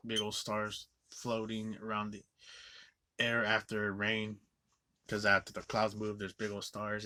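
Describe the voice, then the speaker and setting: A man's voice: fairly low pitch, bright, forceful tone. A man giving a loose, rambling movie recap, swearing casually as he goes. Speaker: movie reviewer.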